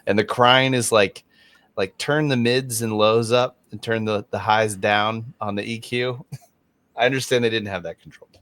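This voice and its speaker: Deep-voiced man hosting a casual movie chat. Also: fairly even intonation, a little slow, fairly bright tone, no echo. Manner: chatty, laughs often, jokey asides. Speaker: podcast host.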